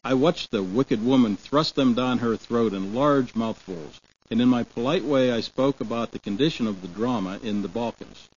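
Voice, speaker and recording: A man reading a story aloud in a measured, deliberate way. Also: mid-range voice, a little mellow, slightly rough. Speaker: narrator and vocabulary reader. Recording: dull lo-fi recording.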